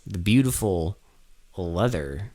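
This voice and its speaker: A man's voice: sits low, lively intonation, takes it slowly, warm tone. Sarcastic man co-hosting a podcast. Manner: sarcastic, joking, profane. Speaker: podcast co-host. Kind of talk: casual movie review chat.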